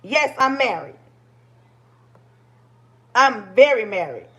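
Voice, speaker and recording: Woman in her forties, high-pitched voice, passionate livestream talk, preachy, straight into a phone. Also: big pitch swings, takes it slowly, fairly bright tone. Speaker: livestream host.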